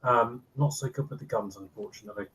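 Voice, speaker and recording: A man's voice: medium pitch, fast talker, a bit bright, a little hiss or hum, lightly acted, low-quality recording. A man voicing an introverted young male elf hacker in his own plain voice, rambling a little with fillers. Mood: laid-back. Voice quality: plain own voice, no accent put on.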